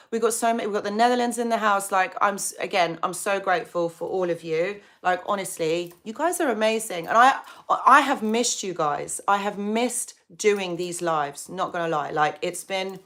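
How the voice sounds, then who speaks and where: A woman hosting a casual live stream, chatting warmly and greeting viewers by name. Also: mid-range voice. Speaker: psychology channel host.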